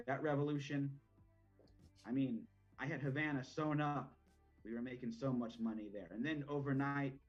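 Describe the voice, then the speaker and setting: A man running a tabletop role-play game voices a smooth older mob boss who lays out his plans slowly and deliberately. The voice has a middling pitch and a husky edge, and the muffled, lo-fi recording carries faint music underneath.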